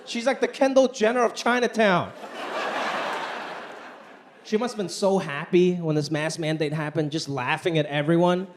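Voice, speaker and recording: A man performing a stand-up comedy routine on a club stage, talking in an animated way and acting out the voices he quotes. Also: a little high, normal speed, long pauses. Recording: live club recording with crowd noise. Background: audience laughter.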